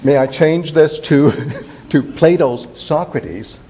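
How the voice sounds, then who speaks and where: Older male professor, dark-toned and digressive. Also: a little high, takes it slowly. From Indiana, USA. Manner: digressive and playful, with many fillers and restarts. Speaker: classics professor giving a lecture. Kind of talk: symposium talk.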